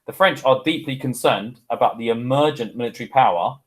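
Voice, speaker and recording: A man's voice: mid-range voice, a little fast, poor audio. Chatty man teaching history. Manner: chatty, digressive, addresses viewer with "okay?". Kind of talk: informal history lesson.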